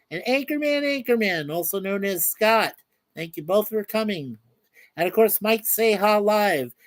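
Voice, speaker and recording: A man over fifty hosting a casual live stream, reading viewers' comments aloud in a warm, rambling way and laughing easily. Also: fairly high pitch.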